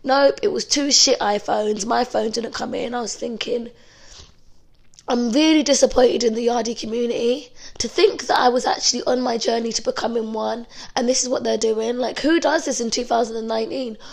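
A young woman from telling a story to camera in a chatty, animated way, with some swearing. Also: on the high side, normal speed, gravelly. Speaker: vlogger. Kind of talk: casual storytime.

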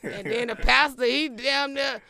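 A woman tells a funny story in a bright, crisp voice, pitched a little high. She laughs often and jumps into loud voices for the people in her story. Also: fairly even intonation, measured pace, no echo. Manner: loud, laughing, acts out quotes in shifting voices. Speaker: storyteller guest. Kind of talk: animated comic storytelling.

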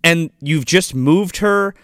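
A man's voice: on the high side, takes it slowly, a bit bright, dry recording, clean studio sound. A man co-hosting a casual movie recap podcast, riffing indignantly and swearing freely. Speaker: podcast co-host.

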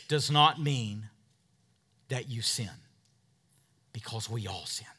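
Preaching with emphasis, a thirtysomething male pastor urges his congregation to say amen, moving from hushed asides to forceful, loud declarations. His voice sits at a medium pitch.

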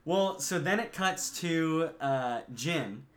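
Animated man recapping a film. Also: a little high, slow pace. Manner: animated storyteller, many fillers. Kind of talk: casual chat, recapping a film.

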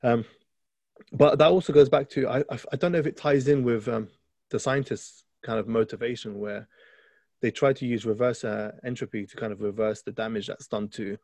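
A man's voice: mid-range voice, steady tone, normal speed, dark tone, dry recording. A man co-hosting a podcast, chatting casually and enthusiastically about a film, rambling with restarts. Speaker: podcast co-host.

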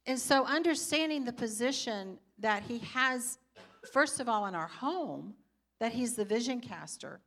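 A woman's voice: fairly high pitch, expressive, unhurried, a bit bright. An older woman speaking in church, teaching through personal stories and acting out her own past reactions. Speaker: pastor's wife teaching.

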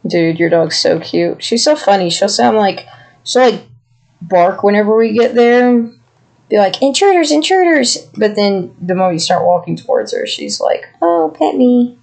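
Gravelly-voiced man chatting casually. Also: sits high, normal speed, darkish tone. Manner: chatty, rambling, affectionate. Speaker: podcast co-host. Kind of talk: casual chat.

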